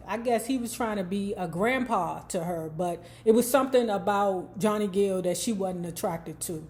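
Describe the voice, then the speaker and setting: A woman's voice: mid-range voice, a little mellow. Sassy, profane woman dishing book gossip. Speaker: book review vlogger. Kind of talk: casual commentary on a book.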